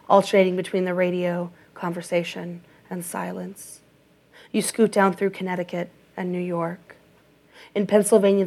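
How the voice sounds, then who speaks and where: A woman reads literary prose in a measured, even and restrained way. Her voice sits low with steady vocal fry, and it stays flat, with little melodic lift. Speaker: audiobook narrator. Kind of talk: scripted literary narration in second person.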